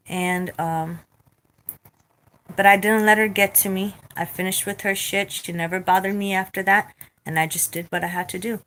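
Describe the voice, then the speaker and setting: A woman telling a story in a casual vlog rant, blunt and profane, animated as she retells it. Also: mid-range voice, moderate pace, a little hiss or hum. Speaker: vlogger.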